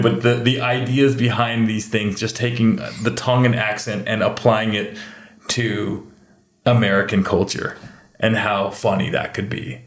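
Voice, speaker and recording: A man chatting casually and telling animated stories, sometimes slipping into mimicked accents. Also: medium pitch. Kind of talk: casual chat. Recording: echoey room.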